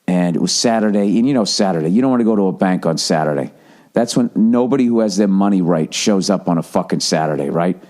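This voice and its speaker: A man's voice: low voice, animated, quick pace, darkish tone. A man in his forties hosting a podcast, telling a long exasperated story in a casual, profane monologue. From Massachusetts. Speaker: podcast host.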